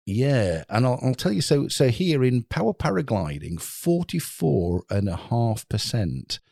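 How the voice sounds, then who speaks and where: A man's voice: medium pitch, very animated, measured pace, creaky, dark tone, dry recording, studio quality. A man hosting a casual chat, explaining with statistics and plenty of fillers.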